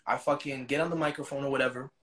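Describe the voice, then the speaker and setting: A man's voice: mid-range voice, steady tone, rapid-fire, fairly bright tone. A man as an interview guest, retelling a story in casual, profane slang.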